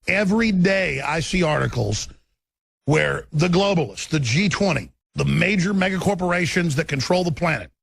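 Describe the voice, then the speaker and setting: A man's voice: a little high, creaky, a bit bright, dry recording. A middle-aged man, hosting a political talk radio show in an intense, ranting, emphatic way. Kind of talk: political commentary broadcast.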